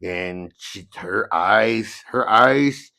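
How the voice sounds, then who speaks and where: A middle-aged man from the San Diego area tells rough stories in a relaxed, low-pitched voice, swearing freely and checking in with "you know what I mean." The sound is close and dry. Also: drawn-out words, dry recording. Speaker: podcast guest. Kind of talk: casual storytelling, heavy cursing.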